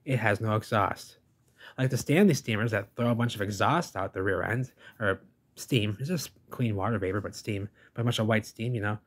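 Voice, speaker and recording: A man giving excitable, casual commentary over a video, repeating phrases, asking rhetorical questions and swearing freely. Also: lowish voice, normal speed.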